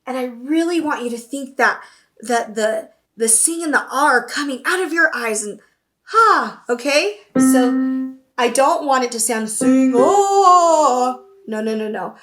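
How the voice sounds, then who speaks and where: A woman's voice: on the high side, normal speed, a bit bright, soft background music. A young woman teaching an upbeat virtual voice lesson, explaining terms and checking in with her students. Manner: upbeat, explains then demonstrates, often checks with "okay?".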